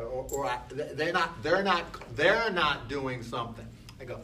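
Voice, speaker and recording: A man's voice: medium pitch, animated, moderate pace, bright, forceful tone. A man teaching a class in a blunt, emphatic way, often arguing with himself in quoted dialogue. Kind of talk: classroom lecture. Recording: distant mic with faint room noise.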